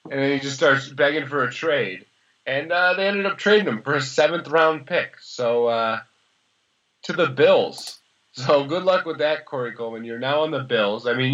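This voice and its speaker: A young man in his early twenties co-hosting a podcast, chatting casually and sarcastically about sports, rambling and quick to laugh. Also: mid-range voice, a bit bright. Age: early 20s. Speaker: podcast co-host. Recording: slightly dull lo-fi sound.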